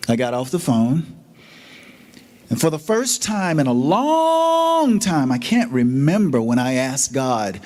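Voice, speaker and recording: A man's voice: medium pitch, sing-song, takes it slowly, pauses often, darkish tone. A middle-aged man giving an inspirational sermon as a guest speaker, telling his story dramatically and acting out the voices in it.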